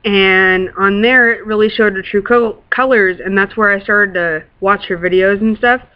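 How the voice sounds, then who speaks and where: An adult vlogger rambles excitedly to the camera, gushing and swearing casually between plenty of fillers. The voice sits at a middling pitch, and the recording sounds a little dull and lo-fi. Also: moderate pace, clean tone. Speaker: works in a classroom.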